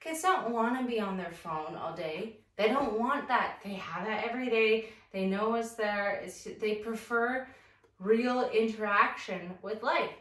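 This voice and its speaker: A woman's voice: on the high side, a little slow. A woman telling a casual, rambling story while she leads a morning stretching routine as a fitness instructor. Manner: chatty and rambling, animated when acting out the story. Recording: roomy sound from a distance.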